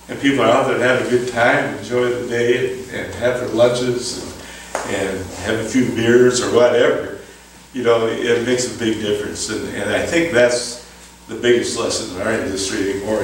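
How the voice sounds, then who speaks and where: An older man, a former fishing boat skipper, telling folksy stories to an audience, chuckling and acting out the voices in a high excited tone. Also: moderate pace, slight background noise. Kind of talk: storytelling lecture. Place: town hall lecture room. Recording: echoey hall, far from mic.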